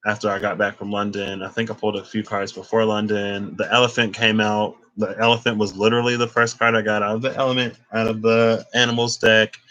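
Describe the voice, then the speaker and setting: A man's voice: on the low side, sharp tone. A man who reads tarot, rambling casually in a chatty monologue. He tells stories full of "like" and acts out the dialogue he quotes. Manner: heavy use of filler "like". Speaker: tarot reader.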